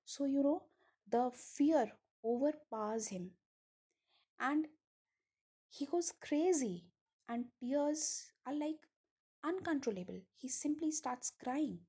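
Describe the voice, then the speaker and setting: A woman's voice: high voice, lively intonation, slow, warm tone. A woman teacher, reading a story line by line and explaining it with rhetorical questions. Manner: reads a line then paraphrases it, asking rhetorical questions. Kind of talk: explaining a story text to students.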